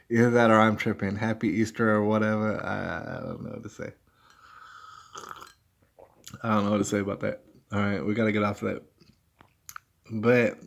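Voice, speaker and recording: A man hosting a casual livestream from home, rambling conversationally and calling his viewers "y'all.". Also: on the low side. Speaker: livestream host.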